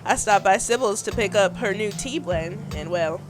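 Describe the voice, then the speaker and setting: A woman's voice: a little high, big pitch swings, normal speed, music in the background. A woman voicing a friendly, gossipy young woman from a small town in a story game. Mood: eager.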